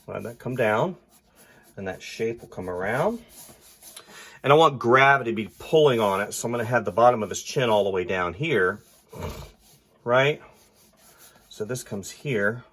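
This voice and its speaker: A man's voice: medium pitch, lively intonation, normal speed, pauses often. Congested man mumbling through a sketch. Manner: thinks aloud while drawing, often trailing into quiet mumbles. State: congested, stuffy nose. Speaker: artist. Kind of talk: casual drawing commentary.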